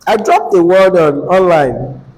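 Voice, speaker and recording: A man's voice: high voice, lively intonation, unhurried, a little mellow, poor audio. A man teaching an English lesson, asking the class questions and repeating key phrases.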